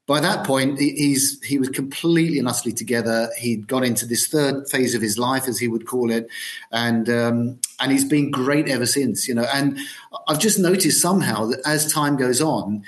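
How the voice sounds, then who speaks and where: A man's voice: mid-range voice, normal speed. Man musing in an interview. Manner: thoughtful, hesitant with many ums. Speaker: guitarist and producer, guest. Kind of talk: podcast interview.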